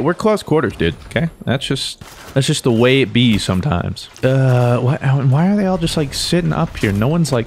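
A young man narrating his own gameplay with jokes and sudden yelps. His voice swings widely in pitch as he gets excited. A faint noise sits under the recording. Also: fairly quick. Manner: excitable, joking, talks to himself. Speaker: gaming YouTuber. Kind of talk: gameplay commentary.

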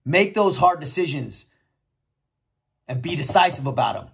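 A man's voice: fairly high pitch, expressive, moderate pace, gravelly, slightly rough. An American man telling his own story in a blunt, profane and reflective way. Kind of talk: personal storytelling monologue.

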